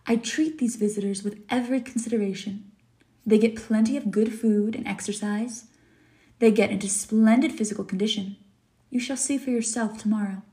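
Fields: A woman voicing a suave, cruel, aristocratic older male general while reading a story aloud, in an urbane, mocking, unhurried manner. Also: medium pitch, fairly even intonation, warm tone, natural voice.

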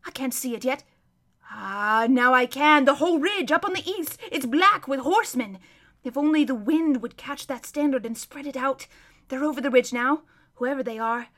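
A woman's voice: sits high, normal speed, a bit bright. A woman doing an old hermit calling a battle. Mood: excited. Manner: vivid running commentary, emphatic exclamations. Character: old male hermit watching a battle, earnest.

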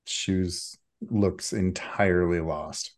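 A slow, laid-back man with a low voice, narrating a tabletop game as its game master. He drawls his descriptions at an unhurried pace. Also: steady tone.

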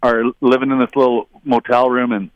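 A man's voice: flat delivery, brisk, clear, resonant tone, no echo, lo-fi sound. A middle-aged man, a former hockey player, telling long casual anecdotes, rambling and quoting others. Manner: rambling anecdotal, quotes others in higher voices. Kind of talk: casual storytelling.

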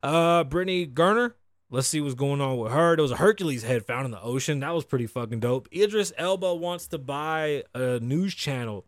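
A man's voice: fairly high pitch, animated, normal speed, no echo, studio quality. A man hosting a podcast, riffing on news in a casual, profane and opinionated way. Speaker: podcast host.

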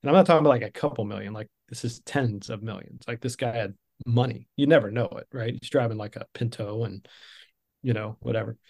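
A man's voice: medium pitch, brisk, vocal fry, darkish tone. Earnest storytelling man in his fifties. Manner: earnest, conversational storyteller with frequent restarts. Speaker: guest, business coach. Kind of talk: storytelling interview answer.

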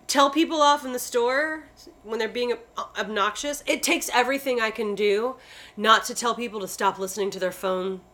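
A woman hosting a casual podcast chat, swearing freely and telling animated stories. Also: on the high side, normal speed. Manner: profane, animated storytelling. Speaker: podcast host.

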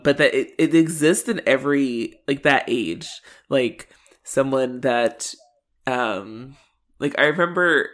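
Podcast co-host, casual chat, hesitant, filler-heavy, mid-pitched. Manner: rambling and hesitant, many fillers and restarts.

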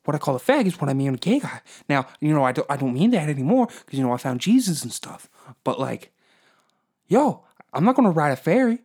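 A man doing a loud, profane impression of a brash Boston tough-guy movie star. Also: on the high side, big pitch swings, fairly quick, breathy edge. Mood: blustering.

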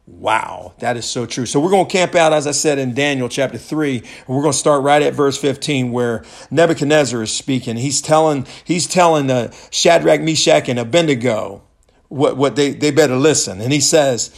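A man in his fifties preaching a folksy sermon, retelling a story and laughing often, rising loud when excited. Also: medium pitch, moderate pace, gravelly.

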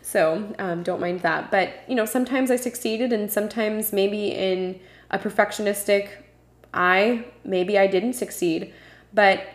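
A woman's voice: medium pitch, unhurried. A woman hosting her own podcast, talking alone in an earnest, passionate way with frequent ums and uhs. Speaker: podcast host. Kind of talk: solo podcast talk. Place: home room with a puppy nearby. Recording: roomy echo.

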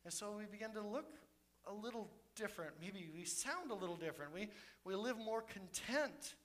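A man preaching a sermon as pastor, swinging between fervent shouts and soft, intimate asides. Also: high voice, lively intonation, normal speed.

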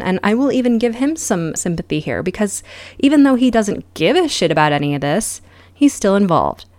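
A woman's voice: on the low side, no room sound. A woman hosting a podcast, recapping a reality show in a casual, sarcastic and profane way. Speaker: podcast host.

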